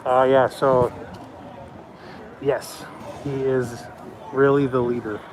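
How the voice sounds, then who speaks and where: A man from the Pacific Northwest giving rambling, casual live-stream commentary while filming a street protest on a handheld phone, often dropping to a low voice. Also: flat delivery, takes it slowly. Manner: chatty, rambling, often lowers his voice. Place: outdoors on a city street at a protest. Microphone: handheld phone camera. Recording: loud crowd noise around the speaker.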